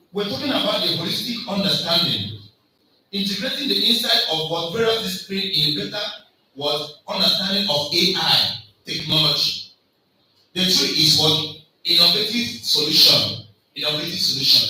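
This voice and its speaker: Loud emphatic man speaking in an echoey hall. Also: fairly high pitch. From Africa. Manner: loud, emphatic, call-and-response questions. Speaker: conference speaker. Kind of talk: motivational lecture. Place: large lecture hall. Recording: echoey hall, mic far off, faint noise.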